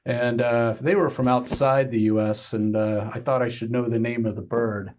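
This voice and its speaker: Man, from Kansas, podcast guest, halting, lots of fillers, middle pitch. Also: fairly even intonation, darkish tone, a little hiss or hum. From Kansas, United States. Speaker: guest hiker. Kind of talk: casual interview.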